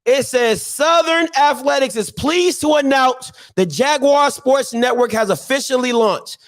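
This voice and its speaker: Man host, very high voice, loose rhetorical riffing, computer mic. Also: fairly bright tone. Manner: repeats himself, drawn-out rhetorical questions. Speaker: show host. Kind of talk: casual live-stream commentary.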